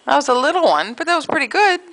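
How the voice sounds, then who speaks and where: A woman's voice: high voice, big pitch swings, fast, fairly bright tone, a little hiss or hum. A mother cooing and chatting in baby talk to her infant, coaxing and gushing. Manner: sing-song, coaxing, gushing.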